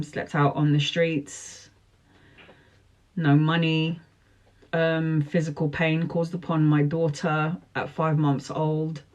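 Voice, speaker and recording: A woman's voice: sits low, darkish tone. A woman in her forties, a tarot reader, talking live to viewers and answering their questions in an earnest, emphatic, motivational way, repeating slogans.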